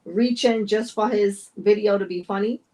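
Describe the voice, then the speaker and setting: A woman's voice: medium pitch, fairly even intonation, normal speed, dark tone. A woman co-hosting a podcast, chatting casually and repeating her points for emphasis. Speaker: podcast co-host. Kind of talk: casual chat.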